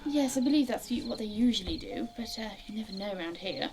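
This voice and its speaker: A British woman in whispered role-play as a wary female companion, passing on a hushed, hesitant warning. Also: mid-range voice, expressive, fast, over music, natural voice. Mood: cautious.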